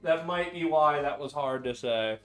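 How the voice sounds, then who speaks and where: A man's voice: on the high side, moderate pace, a bit bright, faint music behind. A young man chatting casually at his home bar, tipsy, loose and profane, laughing a lot. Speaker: streamer making cocktails. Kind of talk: casual chat.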